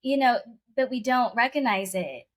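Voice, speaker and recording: A woman's voice: a little high, expressive, normal speed. A woman guest telling a personal story in conversation, earnest and emotional, often repeating her phrases.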